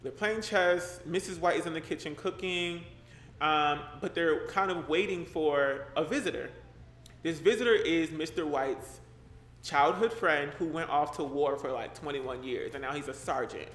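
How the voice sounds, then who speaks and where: A man's voice: a little high, moderate pace. A young man streaming live, reading a horror story aloud and breaking off to joke with viewers in loose, slangy chat. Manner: animated, slangy and joking, breaks off to react to chat. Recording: roomy echo with faint background noise.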